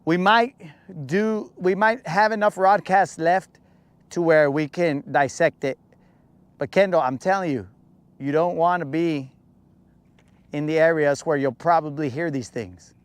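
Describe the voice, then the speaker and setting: A man hosting a casual fishing podcast, talking in a lively, slangy way and acting out the voices he quotes. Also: on the high side, measured pace, clear, resonant tone, dry recording. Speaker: podcast host. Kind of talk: casual chat. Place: boat on a lake.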